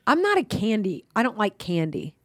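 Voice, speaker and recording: A woman in her fifties chats and gives blunt opinions on a podcast. Her voice is mid-pitched and recorded close, with a dry, echo-free sound. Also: wildly swooping pitch, normal speed, fairly bright tone. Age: 50s. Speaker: podcast host. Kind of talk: casual chat.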